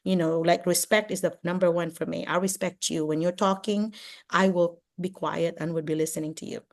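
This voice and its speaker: An older woman from the Philippines, a retired teacher giving lively advice on a video call, acting out classroom exchanges. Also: lowish voice, fairly quick, gravelly. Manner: animated, acts out classroom exchanges, many "you know"s. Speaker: retired teacher and administrator, guest speaker.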